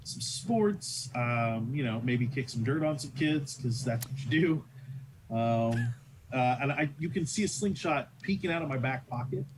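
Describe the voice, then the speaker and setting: A man playing a tabletop game, describing his character eagerly but haltingly, with lots of filler words. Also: medium pitch, lively intonation, noisy background. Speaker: player. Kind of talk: tabletop role-play.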